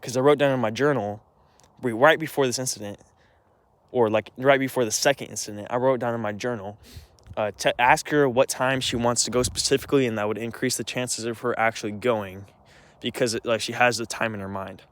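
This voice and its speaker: A man's voice: mid-range voice, steady tone, a little fast, a bit bright, no echo. A young man telling a long personal story in a rambling, agitated way, with many restarts and some swearing. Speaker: vlogger. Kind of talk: casual storytelling rant.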